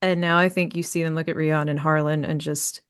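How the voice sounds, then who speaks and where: A woman playing a tabletop role-playing game, softly and hesitantly narrating what her character does, with many fillers. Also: low voice, little pitch movement, brisk, smooth. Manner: soft, hesitant, full of fillers. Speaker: player in a tabletop role-play.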